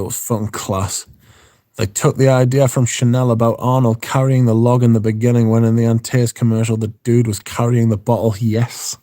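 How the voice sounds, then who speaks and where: A man's voice: medium pitch, dark tone, dry recording. A man, hosting a livestream in casual chat, reading viewer comments in a rambling, profane, wry way. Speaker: livestream host.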